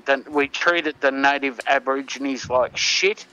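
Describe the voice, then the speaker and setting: A man's voice: medium pitch, a little slow, pushed and bright, clear, resonant tone, lo-fi sound. An Australian man co-hosting over an internet call, chatting casually with profanity and many fillers. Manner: profane, meandering, lots of fillers. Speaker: co-host calling in. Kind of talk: casual chat.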